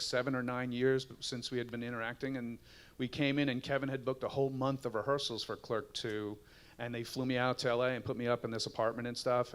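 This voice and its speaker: Man, middle-aged, actor at a fan Q&A, animated, acts out quotes, casual storytelling. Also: medium pitch.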